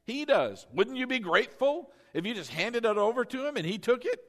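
A man preaching a sermon as pastor, animated and coaxing his congregation to repeat lines after him. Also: very high-pitched, brisk.

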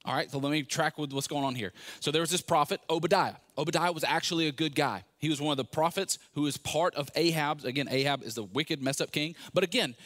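A man giving a sermon, retelling a Bible story in a relaxed, conversational way with playful asides. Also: on the high side, fast, hardly any pauses. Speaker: pastor.

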